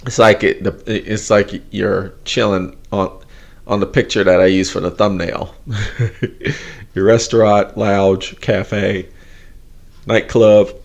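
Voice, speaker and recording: A man's voice: on the low side, flat delivery, takes it slowly, vocal fry. A man hosting a casual live stream, talking in a laid-back, rambling way with frequent chuckles, sounding tired and a little drained. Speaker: host.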